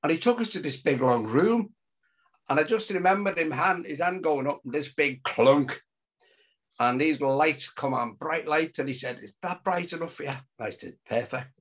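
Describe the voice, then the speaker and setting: A slightly high-voiced older man, speaking at a moderate pace, shares a story as a guest in a laid-back interview. He dramatizes the quotes and laughs regularly; the recording has a muffled, lo-fi quality.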